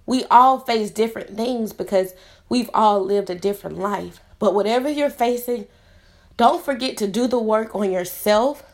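A woman's voice: on the high side, moderate pace. A woman in her thirties hosting her own podcast, talking earnestly and from the heart to encourage her listeners. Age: 30s. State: tearful at times. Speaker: podcast host. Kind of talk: motivational solo podcast talk.

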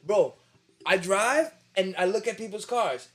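Young New man, casual podcast host, higher-pitched, swears freely, animated storyteller. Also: a little slow. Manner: animated storyteller, profane street slang. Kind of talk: casual chat.

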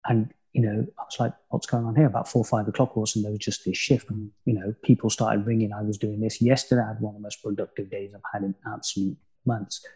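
Mellow, husky man, reflective. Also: on the low side, level tone, fast, hardly any pauses. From United Kingdom. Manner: reflective, musing, often quiet. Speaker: spiritual teacher, guest. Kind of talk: casual spiritual conversation.

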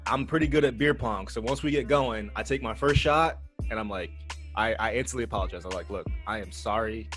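A young man co-hosting a podcast, telling a party story in a casual, animated, profane way. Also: lowish voice, fairly quick, faint music behind. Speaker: podcast co-host.

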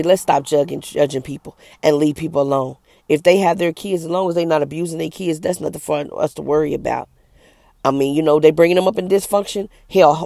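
A woman's voice: sits low, gravelly, darkish tone. A middle-aged woman who is an evangelist, giving an earnest, emphatic personal testimony straight to camera.

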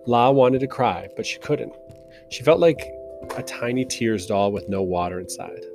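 A man with a fairly low voice reads a story aloud in a slow, measured way. Soft plucked guitar music plays clearly behind him throughout. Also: lively intonation. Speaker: narrator. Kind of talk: audiobook narration.

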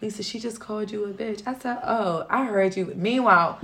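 A woman co-hosting a podcast, telling a story from work in casual, animated, profane chat. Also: mid-range voice, fairly quick. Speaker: podcast co-host.

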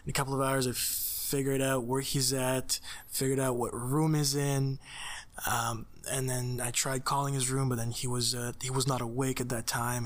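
A man's voice: medium pitch, fairly bright tone. A man talking in a casual conversation, plain and direct, with a lot of uh and so.

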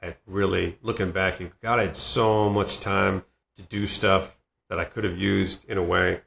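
Middle-aged man, from Boston, rambling anecdotes, gravelly, bright edge. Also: low-pitched, little pitch movement, normal speed, a little hiss or hum. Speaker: comedian guest. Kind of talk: casual podcast interview. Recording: roomy echo.

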